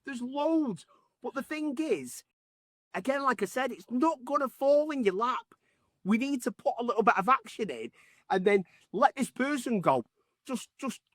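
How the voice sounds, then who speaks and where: Man, animated pitch, emphatic, repeats himself, casual podcast talk, dry sound. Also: moderate pace, no room sound. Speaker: podcast host. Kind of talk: casual heartfelt conversation.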